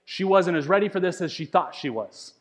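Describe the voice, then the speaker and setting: Male pastor, conversational sermon delivery, slightly raised pitch, long hall reverb. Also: animated, a little fast, slightly rough. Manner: conversational, repeats words, builds to emphatic peaks.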